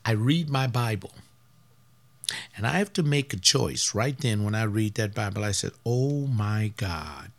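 A man preaching a fiery sermon as pastor, swinging from loud outbursts to hushed asides. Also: medium pitch.

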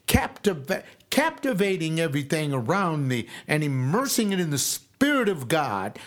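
An older man teaching scripture in an informal, emphatic preaching style, scolding his listeners and mimicking the people he criticizes. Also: mid-range voice. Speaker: lay preacher.

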